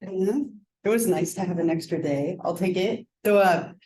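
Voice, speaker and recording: A woman teaching a psychology class in a classroom, chatty and animated, her voice sore and strained. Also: on the low side, normal speed, poor audio. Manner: chatty, animated, peppers talk with "like" and "right?". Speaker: psychology instructor. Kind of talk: classroom lecture. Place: college classroom.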